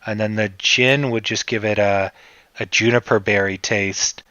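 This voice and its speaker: A man from Canada chats slowly and loosely on a livestream, his voice sitting a little low. The sound is dull and lo-fi, close and dry with no room around it. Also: dry recording. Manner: relaxed rambling, reacts to chat. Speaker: livestream host. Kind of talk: casual livestream chat.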